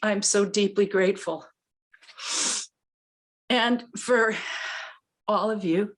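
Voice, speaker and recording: Slow, teary woman giving a tribute. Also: medium pitch, fairly even intonation. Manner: halting, pausing, searching for words. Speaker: student speaking at a memorial. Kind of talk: heartfelt memorial tribute.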